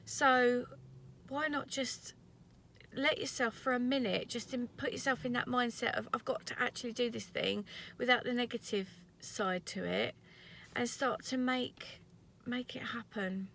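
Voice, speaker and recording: A woman's voice: a little high, steady tone, a little slow, vocal fry, fairly bright tone, a little hiss or hum. A woman in her thirties recording an earnest, rambling motivational vlog from her parked car. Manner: earnest, rambling, tearful at times. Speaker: vlogger.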